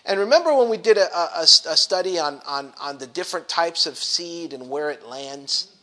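A middle-aged man teaches a Bible study in a loose, animated way. His voice sits high and rings bright and sharp. He stumbles and restarts often and slips into acted-out grumbling voices. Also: fairly quick.

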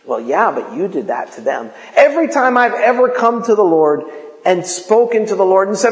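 A man preaching a sermon in a lively, conversational way, acting out quotes as he goes. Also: high-pitched, unhurried. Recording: echoey hall.

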